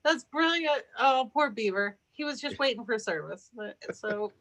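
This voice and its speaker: A woman co-hosts a casual talk show in a bright, high voice. Her pitch leaps around as she teases and laughs. She talks from a large walk-in closet. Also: expressive, normal speed, low-quality recording. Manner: bubbly and teasing, laughs a lot. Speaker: podcast co-host. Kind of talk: casual chat.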